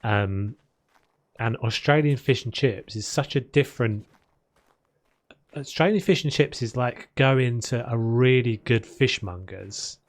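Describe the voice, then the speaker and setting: A man's voice: medium pitch, a little slow. A man streaming a video game, chatting casually and rambling between topics as he builds. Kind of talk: casual chat while playing.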